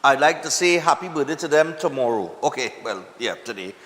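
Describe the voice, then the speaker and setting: A man with a Trinidadian accent hosting a live morning TV show, chatting in a relaxed, easygoing way. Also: mid-range voice, brisk, in a large hall. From Trinidad and Tobago. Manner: relaxed, chatty, laughing easily. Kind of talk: casual live morning TV chat.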